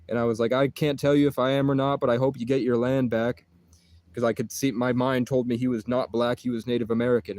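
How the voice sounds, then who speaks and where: A man talking to camera in a rambling, intense monologue, swearing freely. His voice sits at an ordinary mid pitch. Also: a little mellow. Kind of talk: casual monologue.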